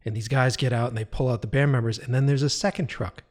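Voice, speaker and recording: A music video director in his thirties talks fast in a mid-range voice as a podcast guest. He tells stories casually and animatedly, laughing often and swearing freely.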